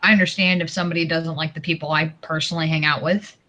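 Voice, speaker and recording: Male stream guest, bright sharp voice, venting grievances with lots of cursing and restarts. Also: on the high side, flat delivery. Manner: aggrieved, profane, halting restarts. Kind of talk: heated livestream grievance.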